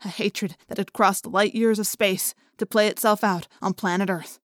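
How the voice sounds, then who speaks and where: A woman reading a youth science-fiction audiobook in first person, tense and steady. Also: mid-range voice, normal speed, no echo, clean studio sound. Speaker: audiobook narrator. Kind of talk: scripted narration.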